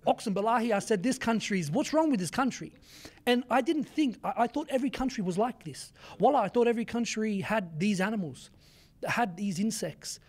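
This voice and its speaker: A young man, telling animated stories as an interview guest and mixing in Arabic words. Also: high-pitched, brisk. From Australia. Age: 20s. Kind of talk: casual interview chat.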